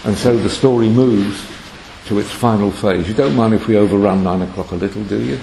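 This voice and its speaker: A man's voice: lowish voice, a little fast, vocal fry, mellow, echoey room, a little hiss or hum, rough recording. A man giving a scripture lecture, reading Hebrew verses and then translating and explaining them. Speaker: Bible lecturer.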